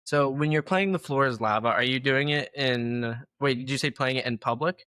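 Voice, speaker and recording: A man's voice: mid-range voice, normal speed, a bit bright, clear, resonant tone, dry recording, studio quality. Teasing man in casual podcast banter. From rural farm area. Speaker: podcast co-host.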